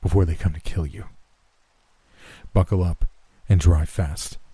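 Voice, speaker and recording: A cold, contemptuous doctor, as a male storyteller puts him on, talks in a low, half-whispered sneer. The voice sits very deep and dark. It is dry and close, with no room around it. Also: fairly even intonation, a little slow, slightly rough, dry recording, full character voice. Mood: smug. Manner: sneering, dismissive, low and hushed. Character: cold, menacing middle-aged male doctor. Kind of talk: horror story reading.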